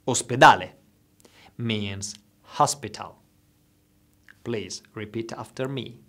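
A man teaching travel phrases, saying each one slowly and clearly so listeners can repeat after him. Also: fairly low pitch, bright, forceful tone. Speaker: language teacher. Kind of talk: slow instructional phrase drills.

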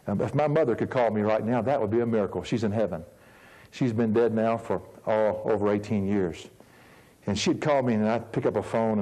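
A man in his fifties, a pastor preaching a sermon in an earnest, emphatic way, slowing down to stress key words. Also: lowish voice, warm tone, low-quality recording. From United States. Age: 50s.

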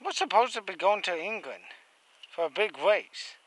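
A man's voice: high voice, very animated, moderate pace, fairly bright tone, no room sound, heavily acted, low-quality recording. Man doing a confused lost racehorse mare. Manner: hesitant, full of "um"s.

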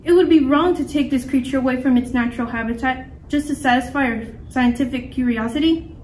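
A woman's voice: high-pitched, fairly quick, a little mellow, a little hiss or hum, close to an everyday voice. A woman voicing a principled young female mouse explorer in a storybook reading. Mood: earnest. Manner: principled, then shrieking for help. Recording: echoey room, mic far off.

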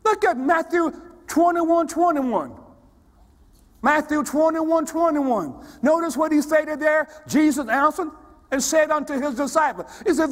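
High-voiced preaching man, echoing church. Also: expressive, moderate pace. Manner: preaching with rising shouts and call-and-response questions. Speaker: pastor. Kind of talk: sermon. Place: church sanctuary. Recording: long church reverb.

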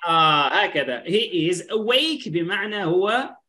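A woman's voice: fairly low pitch, expressive, sharp tone. Patient woman teaching English. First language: Arabic. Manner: patient, repeats words slowly, switches to Arabic to explain. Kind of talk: online class teaching. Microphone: video call.

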